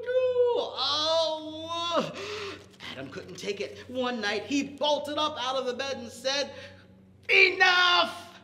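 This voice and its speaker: Animated man reading a toddler story. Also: extremely high pitch, reverberant, slight background noise. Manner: animated, playful, makes animal and vehicle noises. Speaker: children's librarian. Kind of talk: toddler storytime with sound effects.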